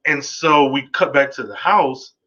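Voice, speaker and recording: A man hosting a podcast, giving a casual, rambling solo review of a TV episode, excitable and swearing freely. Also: medium pitch, measured pace, muffled recording.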